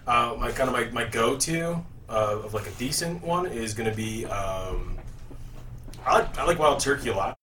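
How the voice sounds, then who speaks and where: A man's voice: medium pitch, animated, moderate pace, pushed and bright. Chatty male guest, distant mic, roomy sound with faint noise. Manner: rambling with restarts, dry joking. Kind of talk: casual chat.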